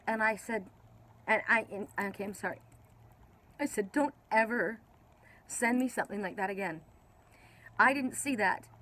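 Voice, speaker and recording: A woman's voice: mid-range voice, fairly bright tone. A woman who reads oracle cards, talking to her viewers in an emotional, rambling way, often repeating herself and restarting her sentences. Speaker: oracle card reader. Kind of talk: spiritual video talk to viewers.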